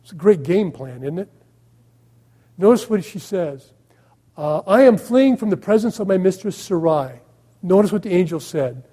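A man's voice: sits high, lively intonation, moderate pace, long pauses, dark tone, husky. A man preaching a sermon in a conversational way, asking his listeners questions and making sarcastic asides. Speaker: pastor.

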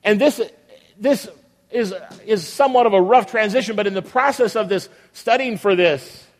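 A male pastor with a notably high voice delivers a sermon, firing rhetorical questions at his listeners and dropping into other voices for the people he quotes. His words ring out with the long reverb of a large church hall. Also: moderate pace.

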